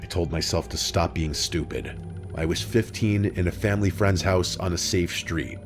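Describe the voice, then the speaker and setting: A man reading a scripted true horror story in a steady, even storytelling manner. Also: deep voice, normal speed, music in the background. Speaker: story narrator.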